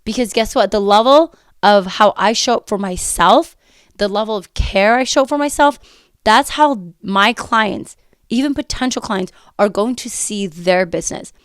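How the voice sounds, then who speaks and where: A woman's voice: mid-range voice, normal speed, smooth, no echo, studio quality. A woman hosting a motivational podcast as a coach, talking emphatically with lots of repetition, her voice a bit worn from a recent illness. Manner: energetic, emphatic, talks with repetition and quoted self-talk. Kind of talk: casual motivational podcast talk. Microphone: close podcast mic.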